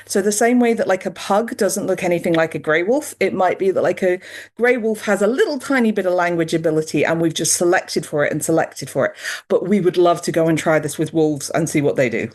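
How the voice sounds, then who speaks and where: A British woman, a dog behavior researcher, explaining her findings in a chatty, lively interview manner. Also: on the low side, a little fast. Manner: chatty and lively, laughing easily, with mild restarts.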